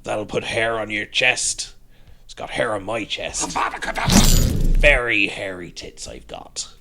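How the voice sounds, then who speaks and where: A man voicing a brash, rude married woman who talks like a pirate, in a slow, drawn-out mock growl. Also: lowish voice, gravelly, very noisy. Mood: rowdy.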